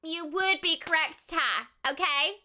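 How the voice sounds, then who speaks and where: Bright, high, swooping country sheriff gal with a hammy drawl, played by a woman for fun. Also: lively intonation, measured pace, heavily acted. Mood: playful. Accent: put-on American country drawl. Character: cheerful boastful female country sheriff.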